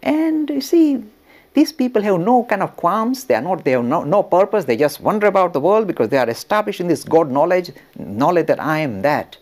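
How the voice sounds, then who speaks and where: A man teaching religion through an animated storytelling lecture, now and then chuckling as he talks. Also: high-pitched, fairly quick. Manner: animated, chuckles while telling.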